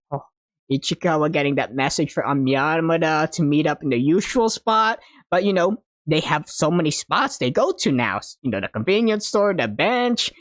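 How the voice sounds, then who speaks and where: Young woman gushing about a show, lowish voice, dry close sound, says "man" a lot. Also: dry recording. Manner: gushing, emotional, ends phrases with "man" and "dude". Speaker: anime reviewer. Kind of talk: casual unscripted review.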